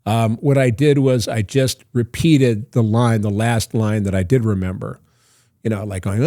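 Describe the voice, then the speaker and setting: A man's voice: fairly low pitch, fairly even intonation, normal speed, warm tone, no room sound, clean studio sound. An older man, a guest actor in an interview, telling long anecdotes in a loose, self-interrupting way. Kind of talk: casual storytelling interview.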